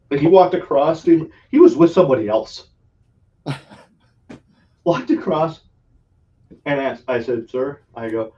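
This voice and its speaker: This man's mid-range voice has a darkish tone, and the recording sounds distant, dull and lo-fi. As a podcast host he spins a long anecdote in casual conversation, full of laughter and profanity.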